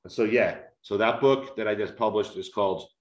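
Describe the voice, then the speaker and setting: Male author guest, lower register, deliberate over-enunciated delivery, echoey room. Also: lo-fi sound. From United States. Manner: slow, carefully enunciated delivery to be easily understood. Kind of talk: conversational interview, reading aloud from his book.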